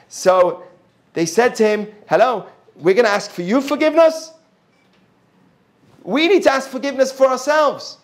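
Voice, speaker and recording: A man with a notably high voice gives a Torah lesson, telling a Talmud story in a lively way. He keeps asking his listeners questions and stops to explain Hebrew words. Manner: drops into Hebrew terms and explains them. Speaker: religious teacher.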